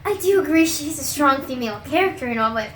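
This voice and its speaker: A young woman in a comedy sketch, playing a teacher who spells out words slowly with exaggerated patience. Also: high voice, animated, fairly bright tone, roomy sound, a little hiss or hum. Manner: exaggerated, patient-then-exasperated teacher delivery, stretches out words.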